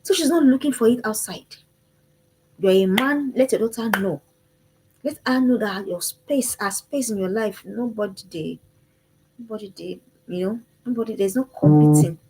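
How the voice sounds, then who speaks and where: A woman's voice: on the high side, moderate pace, a little mellow, slight background noise, poor audio. A woman gives an impassioned motivational talk to parents. She speaks emphatically and repeats her calls to action.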